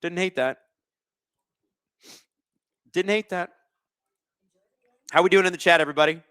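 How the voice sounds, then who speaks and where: A man's voice: high-pitched, a little slow, fairly bright tone, clear, resonant tone, no echo. A man hosting a casual live sports watch-along, reading chat aloud and joking sarcastically, with plenty of swearing. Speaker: livestream host.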